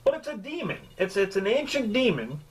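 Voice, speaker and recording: A man giving a casual, comedic movie review, talking in an animated way with rambling asides and free swearing. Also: sits high, fairly quick, slight background noise, poor audio.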